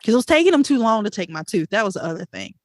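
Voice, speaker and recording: A woman co-hosting a podcast, telling a story in an animated, chatty way with laughs and fillers. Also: mid-range voice, racing, no echo, clean studio sound. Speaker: podcast co-host. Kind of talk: casual storytelling chat.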